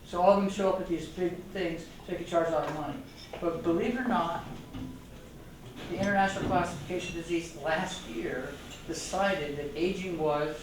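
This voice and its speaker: A man's voice: fairly high pitch, noisy background. Older man lecturing from afar in an echoey room. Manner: enthusiastic, rambling, jokes with the audience. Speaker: retired doctor giving a guest talk. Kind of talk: informal lecture to a club audience. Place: meeting room. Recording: echoey room, voice from a distant mic.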